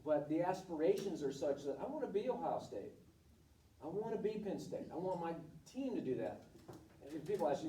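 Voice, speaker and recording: A man's voice: fairly high pitch, sing-song, a little fast, warm tone, a little hiss or hum. A middle-aged man, a volleyball coach, giving a candid, blunt talk to students and telling stories from his career. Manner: candid, blunt, storytelling with acted quotes. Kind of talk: informal presentation to students. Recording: echoey room, voice from far off.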